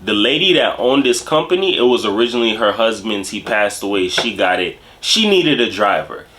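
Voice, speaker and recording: A man from Jamaica telling a casual story in slangy, animated, streetwise talk. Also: lowish voice, moderate pace, slight background noise. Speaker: host.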